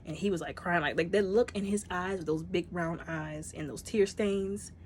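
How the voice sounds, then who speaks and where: A woman casually reviewing a movie, chatty and emotional, talking straight to her viewers and acting out the characters' lines in quick bursts. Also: on the low side, darkish tone, slight background noise.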